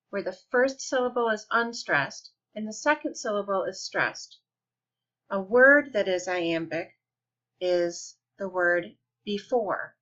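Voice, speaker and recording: A woman teaching a lesson in a patient, deliberate way, slowing down to stretch out example words. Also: mid-range voice, sharp tone. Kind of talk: explanatory lesson. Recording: dull lo-fi recording.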